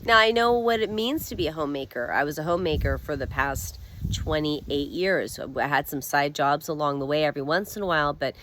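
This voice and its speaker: A middle-aged woman speaks to camera in a low-pitched voice. Her talk is earnest and heartfelt, and she rambles with many restarts and fillers. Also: fairly quick, a bit bright, a little hiss or hum. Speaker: vlogger. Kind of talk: personal monologue to camera.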